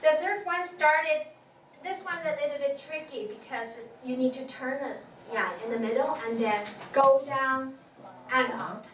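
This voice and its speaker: High-voiced teacher in an echoey classroom. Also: female voice, unhurried, fairly bright tone. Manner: patient, repeats tones for students, many fillers. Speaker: Chinese language teacher. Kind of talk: classroom lesson. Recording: echoey room from far off, faint noise.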